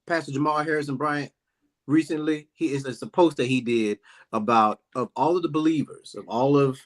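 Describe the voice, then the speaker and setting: Man, fitness trainer, African American Vernacular English accent, animated preachy rant in a casual chat. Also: medium pitch, normal speed.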